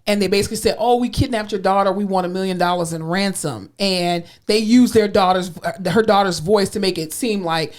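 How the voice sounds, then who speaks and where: A woman's voice: mid-range voice, fairly quick, few pauses. A woman co-hosting a podcast, chatting casually in a playful, teasing way, with some swearing. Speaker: podcast co-host. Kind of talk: casual chat.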